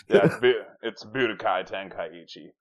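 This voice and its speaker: Slow and lowish in pitch, this man hosts a podcast in a loose, casual chat, wandering off topic, cursing, and occasionally reading notes. It's captured in dull lo-fi audio.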